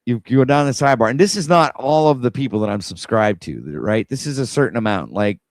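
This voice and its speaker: A man of middling pitch hosts a casual livestream and rambles on in an exasperated tone, talking straight to his viewers. His voice sits close and dry, with no room sound around it. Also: expressive, fast, no echo. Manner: rambling, exasperated, talks to viewers while scrolling. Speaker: livestream host.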